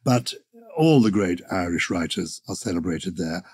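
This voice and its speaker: A man's voice: low voice, expressive, moderate pace, darkish tone, slightly rough. A man hosting a language podcast, chatting with enthusiasm and theatrical asides. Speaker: podcast host. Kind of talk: podcast chat.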